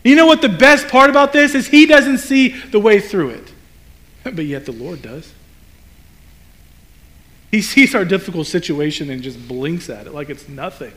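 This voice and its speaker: A man's voice: high voice, expressive, moderate pace, long pauses, a bit bright. A man preaching a sermon to a room of people, speaking conversationally with rhetorical questions and acted-out quotes. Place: room with a congregation.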